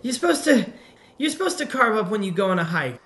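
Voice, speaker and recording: Teen boy, cheeky and whiny, put on by a male narrator, high and swooping. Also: big pitch swings, fairly bright tone, exaggerated voice. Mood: defensive. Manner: whiny, halting, playfully defensive. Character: young teenage boy hiker, breathless and cheeky.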